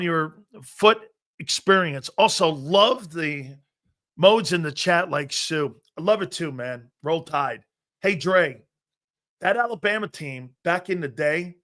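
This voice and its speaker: A middle-aged sports talk host from Connecticut, with a voice pitched a little high for a man. He tells long, rambling stories in a loose, casual way. He often stops to speak to the viewers in the live chat. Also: fairly bright tone.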